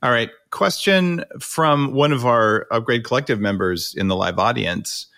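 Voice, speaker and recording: A man hosting a podcast interview, enthusiastic and quick to thank his guest. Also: mid-range voice, vocal fry, a bit bright, no room sound, clean studio sound. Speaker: podcast host.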